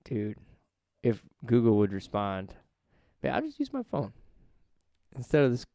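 A man's voice: medium pitch, wildly swooping pitch, unhurried, dark tone, dry recording. A man co-hosting a podcast in casual profane chat, laughing often and riffing on numbers and jokes. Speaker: podcast co-host.

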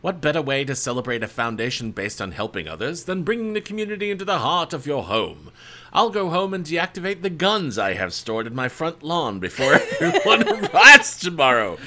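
A man's voice: a little high, sing-song, a little fast, bright, forceful tone, full character voice. A man voicing a scheming male doctor with a wobbly posh accent, often breaking into laughter. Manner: giggly, breaking character, mock-proper.

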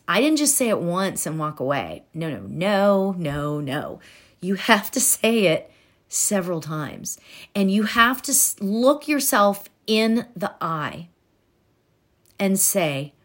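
A woman giving an earnest motivational talk, speaking directly to the listener and dropping to soft, near-whispered tones for affirmations. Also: fairly low pitch. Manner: talks directly to the listener with many "right?" tags. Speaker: self-help speaker.

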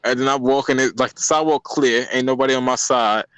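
A young man tells a long story in a relaxed group chat, often breaking into laughter. His voice sits at an ordinary pitch and is recorded dry and close, with no room sound. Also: fast, clear, resonant tone, no room sound, lo-fi sound.

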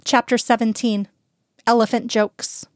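A woman reads a story aloud in a calm, even voice, speaking close to the mic. Her tone is smooth and clear, and the recording is dry with no room around it. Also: on the high side, unhurried, dry recording. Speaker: audiobook reader. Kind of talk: fan fiction audiobook narration.

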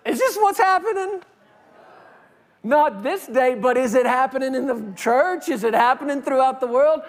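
A man preaching a sermon as pastor, swinging from loud, pleading outbursts to hushed, quiet lines. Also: extremely high pitch, moderate pace.

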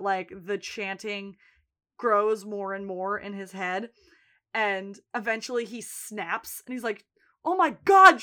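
Animated woman recapping a TV episode. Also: mid-range voice. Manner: animated retelling with acted-out quotes. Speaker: podcast co-host. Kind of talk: casual recap chat.

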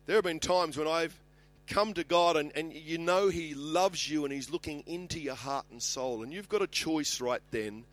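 A man's voice: on the high side, moderate pace, fairly bright tone. A middle-aged Australian man preaching a sermon as a pastor, passionate and building in volume when he reads scripture.

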